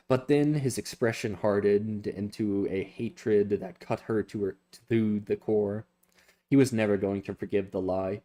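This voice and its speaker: A man's voice: on the low side, steady tone, measured pace, dark tone. A man doing a live reading of a fantasy novel, stumbling now and then and correcting himself. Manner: reads with frequent slips and self-corrections. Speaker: reader.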